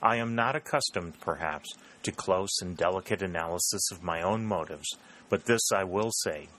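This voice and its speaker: A man's voice: deep voice, moderate pace, fairly bright tone, slight background noise, poor audio. A man voicing an earnest young army captain who speaks formally and with measure. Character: earnest young Confederate captain under questioning.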